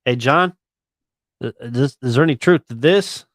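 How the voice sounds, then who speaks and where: A man with a medium-pitched voice, speaking a little slowly with no echo, co-hosts a sports radio talk show. He's laid-back and chatty, talking college football and picks in a slangy way.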